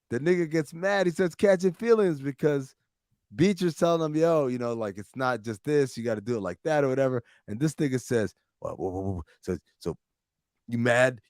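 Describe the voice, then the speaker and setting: Profane, animated male podcast host. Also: mid-range voice, no room sound, studio quality. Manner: profane, animated storytelling with quoted dialogue. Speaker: podcast host recapping a TV series. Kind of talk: casual recap chat with friends.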